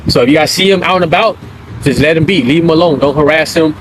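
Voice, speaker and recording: Fast-talking man telling a street story. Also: a little high, noisy background. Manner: street slang, keeps checking in with "right?" and "you feel me?". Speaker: live streamer. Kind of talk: casual storytelling.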